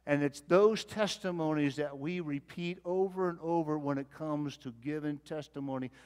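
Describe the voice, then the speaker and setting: A male pastor delivering a folksy sermon, swinging between loud emphasis and quiet asides, often repeating words as he thinks. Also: on the high side, moderate pace, clear, resonant tone. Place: church sanctuary.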